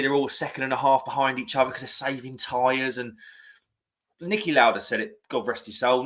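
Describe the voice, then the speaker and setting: Bright-voiced chatty man. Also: mid-range voice. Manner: chatty, rambling, self-correcting. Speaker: live stream host. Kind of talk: casual live-stream chat, reading viewer comments.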